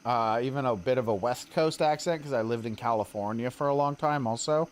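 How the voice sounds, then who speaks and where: A man's voice: mid-range voice, fairly quick. A young man with a Western American accent, chatting casually and rambling a little as he streams a game. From Colorado. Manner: rambling, chatty, self-deprecating.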